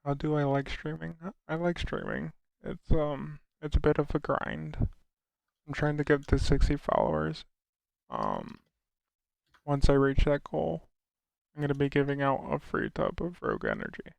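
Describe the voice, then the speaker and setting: A young American man on a live stream, answering his viewers' questions one by one. His voice is heavily gravelly and swings widely in pitch, and he often trips over the start of a sentence before going on. The sound is close and dry, with no room around it. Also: big pitch swings, moderate pace, dry recording. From United States. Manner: reads out and answers chat questions, with frequent restarts. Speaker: livestreamer. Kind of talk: casual live-stream chat.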